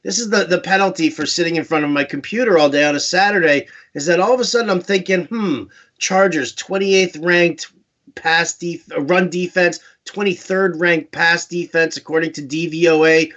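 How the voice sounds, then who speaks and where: Male host, from New York, chatty and joking; slightly high voice, lo-fi stream audio. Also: moderate pace, a bit bright. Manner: chatty, joking, restarts often. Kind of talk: casual sports chat. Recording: dull lo-fi live stream audio.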